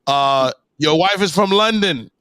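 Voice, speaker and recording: A man hosting a casual podcast chat, firing off animated, probing questions in profane slang. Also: on the high side, unhurried. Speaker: host.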